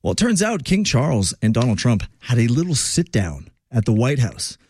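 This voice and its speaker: A man's voice: medium pitch, very animated, moderate pace, a little mellow, slightly rough, no room sound, clean studio sound. A man hosting a radio show, chatting loosely and joking as he introduces a clip. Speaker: radio host. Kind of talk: casual show chat.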